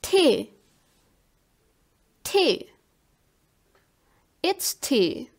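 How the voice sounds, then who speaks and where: A woman giving a language lesson, saying each word slowly and carefully, often twice. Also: high-pitched, sing-song. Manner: slow, carefully enunciated word drills. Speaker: language teacher.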